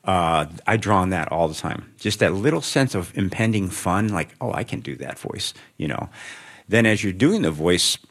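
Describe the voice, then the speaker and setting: A man's voice: low-pitched, lively intonation, normal speed, a bit bright. A middle-aged male author talking in a rambling, thoughtful, self-deprecating way during an onstage interview before students. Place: in front of a student audience.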